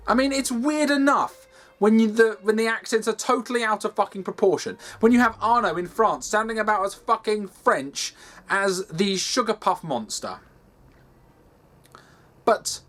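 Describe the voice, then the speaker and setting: A man's voice: high voice, animated, moderate pace, fairly bright tone. A man ranting in a sweary, exasperated way as he reviews a game over gameplay, from his games room at home. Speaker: gaming video host.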